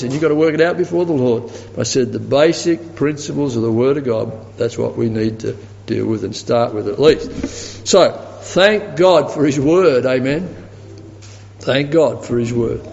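A man with a slightly high voice preaches in a hall where the sound rings with long reverb. The audio is dull and muffled. He tells his story in a lively way and grows animated when he quotes other people. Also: vocal fry, slight background noise. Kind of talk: sermon with anecdote.

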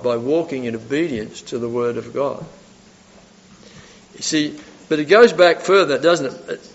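A man preaching a sermon, putting rhetorical questions to his listeners and swinging between loud emphasis and soft asides. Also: medium pitch. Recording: reverberant hall, dull lo-fi sound.

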